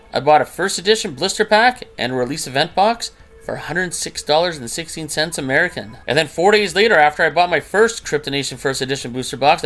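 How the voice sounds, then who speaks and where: A man's voice: a little high, pushed and bright. A man casually commenting on his own past card purchases in a chatty, incredulous way, often laughing at himself. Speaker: trading card collector and channel host. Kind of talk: casual commentary over a screen recording.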